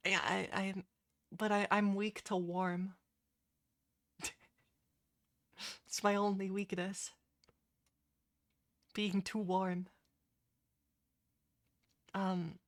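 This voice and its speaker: A woman's voice: mid-range voice, level tone, extremely slow, long pauses, dry recording, studio quality. Giggly, stammering woman streamer. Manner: giggly, self-conscious, stammering. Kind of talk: live game stream chat.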